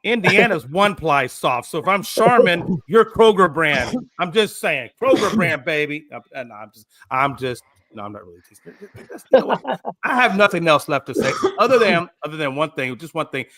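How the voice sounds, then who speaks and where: A man's voice: fairly high pitch, very animated, normal speed, hardly any pauses, sharp tone. A man hosting a casual sports podcast, joking around and rambling with his co-hosts. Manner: joking, rambling, laughs often. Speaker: show host.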